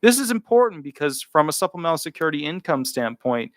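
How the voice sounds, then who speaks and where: Guy lawyer reading out a rule live, stacks up repeated words for emphasis, fairly high voice, dry close sound. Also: sing-song, fast, dry recording. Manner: offhand asides between read-out passages. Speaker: disability attorney.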